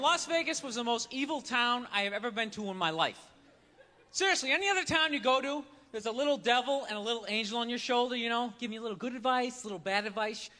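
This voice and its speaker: A man doing a stand-up comedy set on stage, ranting loudly and mocking, on a handheld mic. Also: very high voice, in a large hall, a little hiss or hum. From United States. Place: comedy stage before a live audience. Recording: live club recording with crowd laughter. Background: audience laughter.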